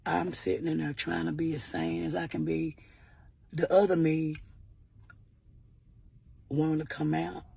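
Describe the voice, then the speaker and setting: A woman's voice: low voice, steady tone, a little slow, creaky, long pauses, mellow, slightly rough, dry recording. A woman earnestly telling a personal story in a vlog, often repeating "I said" and offering religious encouragement. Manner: earnest, repeats "I said" while retelling. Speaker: vlogger.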